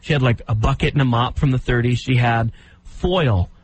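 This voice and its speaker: A man's voice: mid-range voice, moderate pace, slight background noise, low-quality recording. A man co-hosting a radio talk show, chatting casually and telling a family story. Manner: animated, mocks a commercial announcer.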